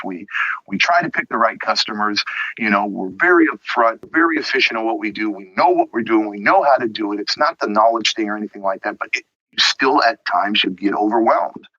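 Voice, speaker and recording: A man's voice: on the low side, bright, forceful tone, husky, no echo. A man hosting a podcast in a candid, rambling and self-reflective way, in casual chat. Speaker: podcast host, pool service owner. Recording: dull lo-fi podcast audio.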